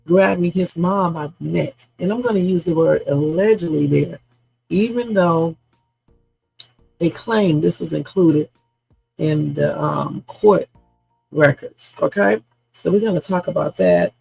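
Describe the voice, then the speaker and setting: A man hosting a casual news-reaction livestream, hoarse from a sore throat, chatting straight to his viewers with rambling asides. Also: high-pitched, a little mellow, dry recording, poor audio. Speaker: livestream host. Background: background music.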